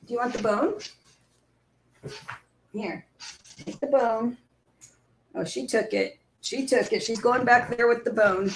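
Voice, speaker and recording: Woman live-stream host, unhurried and a bit gravelly, chatty and cooing. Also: fairly high pitch, lively intonation, a little hiss or hum. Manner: chatty, coos at her puppy. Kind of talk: casual live stream chat.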